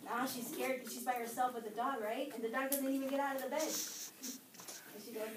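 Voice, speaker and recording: A woman's voice: high voice, normal speed, long pauses. A woman telling a spooky story aloud at a library event, chatty and full of laughing asides to her listeners. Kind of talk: casual spooky storytelling to an audience. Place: public library event room. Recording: echoey room, distant mic, background noise.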